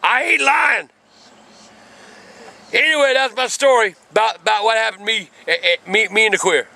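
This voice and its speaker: An older man, telling a profane story in a gruff voice and breaking into shouts. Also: high-pitched, moderate pace, slight background noise. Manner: gruff, cursing, bursts into shouts. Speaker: grandfather telling stories.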